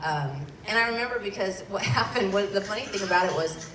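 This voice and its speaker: A woman's voice: medium pitch, animated, fairly quick. A woman musician from Southern California chatting as an interview guest, rambling with many restarts and fillers. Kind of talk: casual interview chat. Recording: roomy, distant mic, crowd and noise.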